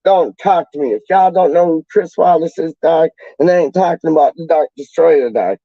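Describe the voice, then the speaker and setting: Slangy man with a very dark voice. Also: fairly high pitch, normal speed, no room sound, muffled recording. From United Kingdom. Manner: slangy, rambling, playful riffing. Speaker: livestream host reading chat. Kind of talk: casual livestream chat.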